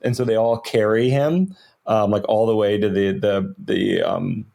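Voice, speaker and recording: A man co-hosting a podcast, retelling a story in casual lore chat, animated and full of "like"s and fillers. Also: on the low side, a little slow, gravelly. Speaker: podcast co-host.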